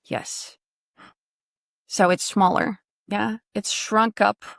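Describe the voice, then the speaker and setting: A woman's voice: mid-range voice, steady tone, slow pace, gravelly, fairly bright tone, dry recording, studio quality. A woman coaching pronunciation in a casual online lesson, chatty and quizzing her student, swearing now and then.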